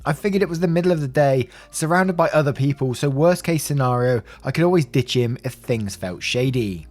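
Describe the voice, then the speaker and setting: A man's voice: mid-range voice, expressive, a little fast, darkish tone, soft background music. A man narrating online stories aloud and adding his own commentary, chuckling as he goes. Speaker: story narrator.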